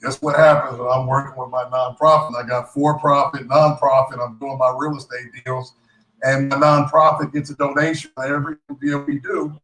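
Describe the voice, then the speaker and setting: A man's voice: mid-range voice, normal speed. A man giving a joking, motivational talk to a live audience at a business event. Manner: lively, joking, self-described clown. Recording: echoey hall, voice from a distance.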